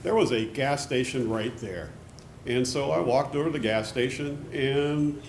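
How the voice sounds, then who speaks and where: A man telling an improvised true story on a pub stage in a plainspoken, relaxed way, with fillers. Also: mid-range voice, unhurried, creaky, a little hiss or hum. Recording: echoey live room.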